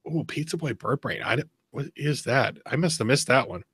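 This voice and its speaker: A bright, forceful male voice in casual podcast chat. He tells stories with animated energy and laughs easily. The sound is dry and close. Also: medium pitch, slightly rough, no echo. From Pennsylvania. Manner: animated storyteller, quick laughs. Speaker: podcast host.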